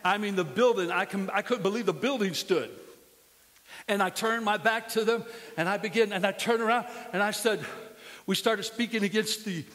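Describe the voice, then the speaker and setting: A man's voice: high-pitched, moderate pace, a bit bright, big-room sound. A man preaching a sermon as pastor, impassioned and full of storytelling, in a church sanctuary.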